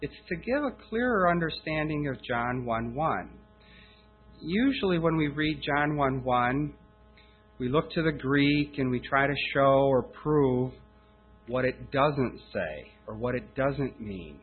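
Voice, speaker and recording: A man delivering a sermon talk in a measured, explanatory manner, restarting phrases now and then. The sound is thin and phone-like, with a mains hum and faint music underneath. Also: medium pitch, lively intonation, husky. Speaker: Bible teacher.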